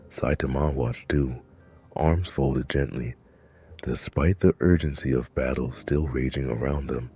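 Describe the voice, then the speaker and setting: Very deep, husky male narrator. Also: warm tone. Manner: measured, dramatic storytelling. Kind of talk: scripted narration.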